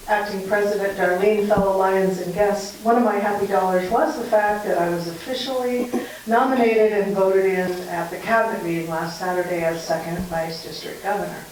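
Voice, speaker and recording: A woman's voice: mid-range voice, a little mellow, a little hiss or hum. A woman officer of a service club, speaking matter-of-factly at a meeting. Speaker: second vice district governor. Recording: echoey hall from far off.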